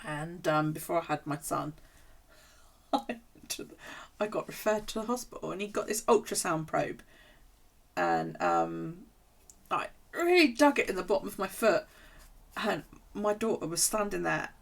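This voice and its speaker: Woman streamer, low-pitched, rambling chatter, salty language. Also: big pitch swings, moderate pace, creaky. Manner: chatty, rambling storyteller who swears freely. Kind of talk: casual chat while journaling on stream.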